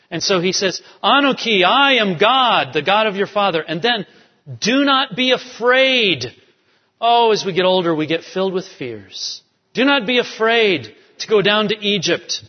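A man preaching a sermon as pastor, emphatic, with sudden drops to near-whispers. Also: on the high side. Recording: dull sound in a long-reverb hall.

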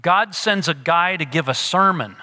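Man preaching, slightly high voice, gets loud then goes real quiet, echoey hall. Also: moderate pace. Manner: animated preaching, drops to a hush for emphasis. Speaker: pastor. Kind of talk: sermon.

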